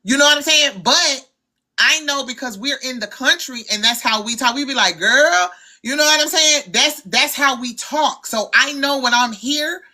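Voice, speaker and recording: Southern woman, livestream host, blunt and profane, bright voice, a bit high. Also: normal speed. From Arkansas, US. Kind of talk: casual livestream chat.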